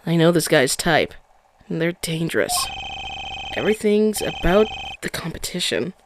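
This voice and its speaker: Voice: mid-range voice, sing-song, a little slow, noisy background. A dry, laid-back defense attorney, read by a streamer. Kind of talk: reading game dialogue aloud. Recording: game music underneath. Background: game music.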